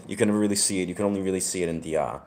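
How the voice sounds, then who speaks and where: Very deep-voiced laid-back rambling man. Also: a little mellow. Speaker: musician. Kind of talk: casual talk to camera.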